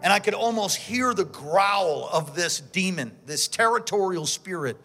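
A man preaching a sermon as pastor, with fervent call-and-response that swings between shouting and quiet storytelling. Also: high-pitched, lively intonation, a little slow, soft background music.

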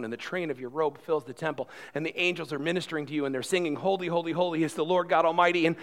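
Guy preaching, high voice, goes from soft to real loud, says things twice. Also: fast, hardly any pauses. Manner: swings between quiet asides and loud emphatic passages; repeats and restarts words when worked up. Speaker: pastor. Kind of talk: sermon.

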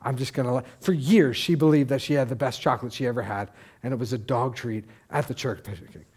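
A middle-aged male pastor preaching a sermon, telling a story in a casual, animated way with asides and restarts. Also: medium pitch, brisk, breathy edge.

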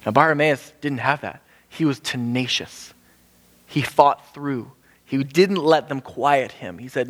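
Male preacher, animated storyteller who bursts high for quoted voices, hall echo. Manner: animated, acts out quoted voices with sudden pitch jumps. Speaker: pastor. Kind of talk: sermon. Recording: hall with long reverb.

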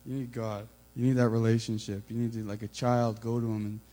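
A man giving an informal, earnest sermon, building to loud emphatic peaks, with a mains hum behind him. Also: mid-range voice, fairly quick, rough recording. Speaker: preacher.

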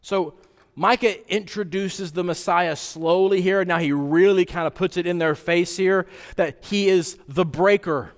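Speaking to his congregation, the pastor, a man whose voice sits fairly high, preaches a relaxed, talky sermon peppered with quick rhetorical check-ins. The sound rings with a long reverb that evokes a big church hall.

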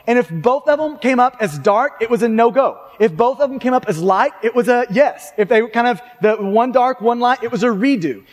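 Man, pastor, sermon, very high voice, conversational, restarts often, long church reverb. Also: lively intonation, a little fast, hardly any pauses. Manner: conversational, frequent tag questions and restarts.

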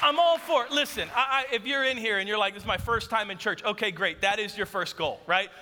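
A man preaching a sermon to a church, telling a lively story about his home. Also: sits high, fairly quick, big-room sound, a crowd in the background, background noise. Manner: animated storytelling, acts out his wife's voice. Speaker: pastor. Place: church auditorium.

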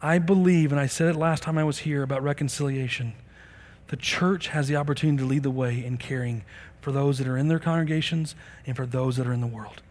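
A man preaching a sermon in a church service, telling stories with animated delivery and acting out the people in them. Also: medium pitch, fast. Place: church sanctuary during a service. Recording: long reverb of a large hall.

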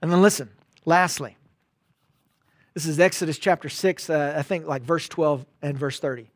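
High-voiced man preaching with dynamic swings. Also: fairly even intonation, moderate pace, no echo, clean studio sound. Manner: conversational preaching, swings from loud emphasis to soft asides. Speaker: pastor. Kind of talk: sermon.

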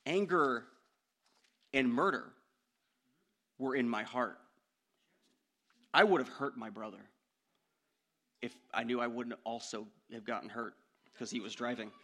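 A young man preaching a sermon, telling a personal story in an animated way that climbs into loud outbursts. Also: mid-range voice, measured pace, pauses often.

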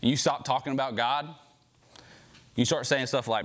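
A man's voice: mid-range voice, fairly even intonation, normal speed, a bit bright. A man preaching an informal sermon to a men's group in a conversational way, often repeating words, then leading a prayer.

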